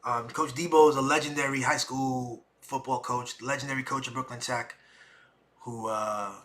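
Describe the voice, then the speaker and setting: A man's voice: mid-range voice, moderate pace. A middle-aged man, hosting a podcast and telling a personal story with emotion, acting out what people said. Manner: emotional, animated retelling with acted-out quotes. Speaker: podcast host.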